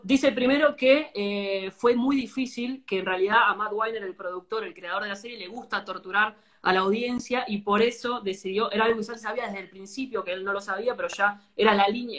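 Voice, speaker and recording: Fast-talking woman translating live. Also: medium pitch, a bit bright. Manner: quick, hesitant paraphrasing with fillers. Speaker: host and interpreter. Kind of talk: live interview over video call, translating. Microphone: phone or laptop on a video call.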